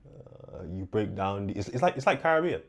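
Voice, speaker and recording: A man from England hosts a reaction show and comments casually on what he has just watched. He speaks thoughtfully and often restarts his sentences. His voice is fairly low. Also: sing-song, fairly quick.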